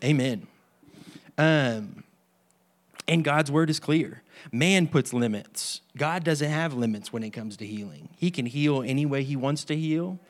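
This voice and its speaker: A man of middle pitch speaks in a relaxed, conversational preaching voice. He teaches with earnest conviction, often dropping into quoted voices as he tells stories. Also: measured pace. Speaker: healing ministry leader. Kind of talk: informal sermon teaching.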